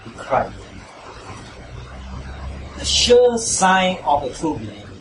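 Male pastor, pitched a bit high, emphatic sermon; roomy hall, distant noisy mic. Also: very animated, slow, a bit bright. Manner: emphatic, repetitive, asks listeners "right?". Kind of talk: sermon and closing prayer.

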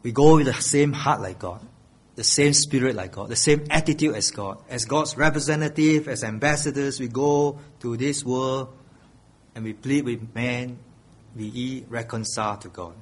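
A man's voice: mid-range voice, normal speed. A middle-aged male pastor preaching a sermon, earnest and pleading, repeating his key phrases.

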